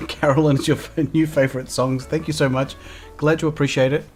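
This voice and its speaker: A woman's voice: deep voice, level tone, a little fast, darkish tone, faint music behind. Chatty woman streaming a game. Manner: chatty, thanks viewers often. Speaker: live streamer. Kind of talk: casual live game stream chat.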